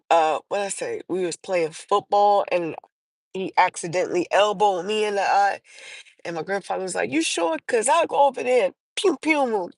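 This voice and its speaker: Woman, livestream host, casual storytelling, unhurried, rambling with fillers, dry sound. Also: on the low side, dry recording, low-quality recording. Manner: rambling, many fillers and restarts.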